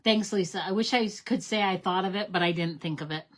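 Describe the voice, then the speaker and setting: A woman's voice: mid-range voice, fast. A middle-aged woman hosting a card-making tutorial, chatty and enthusiastic, explaining each step and often correcting herself. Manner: chatty and enthusiastic, talks to viewers as "you guys". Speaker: craft demonstrator, channel host.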